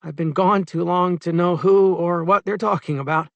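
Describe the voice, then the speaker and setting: A man reading an audiobook and voicing a young woman with a rueful, self-mocking manner and a raised pitch. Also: steady tone, normal speed, creaky, fairly bright tone, no echo, muffled recording. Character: young woman, embarrassed, later defensive.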